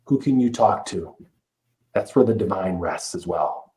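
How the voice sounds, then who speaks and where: A man's voice: low-pitched, expressive, unhurried, warm tone, poor audio. A middle-aged man, a life coach guest on a podcast, talking earnestly and emphatically with frequent restarts. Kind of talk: podcast interview.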